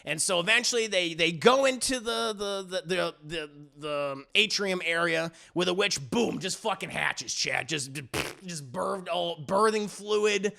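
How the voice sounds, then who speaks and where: A man's voice: high-pitched, measured pace, vocal fry, hardly any pauses, pushed and bright. A man reviewing an anime episode in casual recap commentary, rambling and profane, with frequent restarts.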